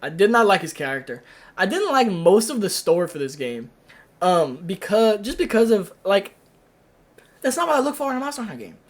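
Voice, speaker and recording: A game reviewer in a casual, venting rant, talking loosely with many fillers and restarts. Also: mid-range voice.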